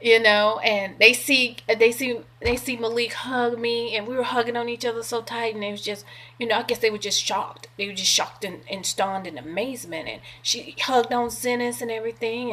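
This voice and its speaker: Brief: middle-aged woman, casual vlog storytelling, animated and salty. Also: a little high, slightly rough. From California. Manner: animated, profane, acts out quoted voices. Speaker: vlogger.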